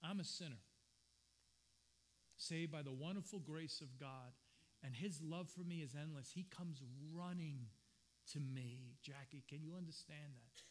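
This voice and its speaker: A man's voice: on the high side, unhurried. A man preaching a sermon as pastor, earnest and personal, telling stories from his own life in a church. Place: church sanctuary.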